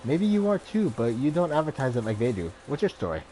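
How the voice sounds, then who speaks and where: A man's voice: mid-range voice, sing-song, a little fast, dark tone, slight background noise, natural voice, rough recording. A man voicing a brawny, brash young Irish woman, an ex-ranger who talks in a chatty, blunt and slangy way.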